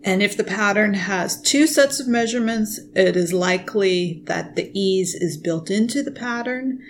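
A woman co-hosting a casual podcast from home, explaining things slowly and methodically. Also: medium pitch, slight background noise. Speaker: podcast co-host. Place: at home with pets nearby.

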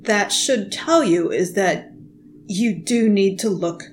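Woman podcast host, measured and unhurried, patient explainer, faint room hum behind. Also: medium pitch, expressive. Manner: explains slowly and methodically. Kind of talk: casual podcast chat. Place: at home with pets nearby.

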